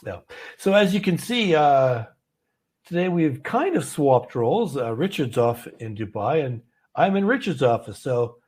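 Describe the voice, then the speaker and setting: A man's voice: mid-range voice, big pitch swings, unhurried, a little mellow, breathy edge. A man hosting a live trading stream from an office, chatty and rambling with many fillers and easy laughs. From Canada. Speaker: host of a live trading show. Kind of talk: casual livestream chat.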